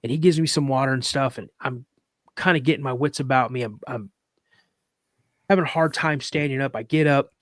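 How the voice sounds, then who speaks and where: A man's voice: mid-range voice, a little fast, a bit bright, dry recording, clean studio sound. A man, a podcast guest, telling a story casually and animatedly, acting out quoted dialogue in a raised voice and at moments fighting back tears.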